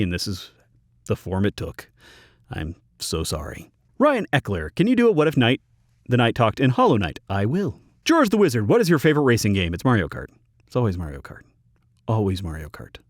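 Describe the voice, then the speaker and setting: With a lowish voice and no room sound, a man hosting a YouTube channel works through viewer questions in a Q&A. He gives dry, blunt replies into a studio mic inside his home recording booth.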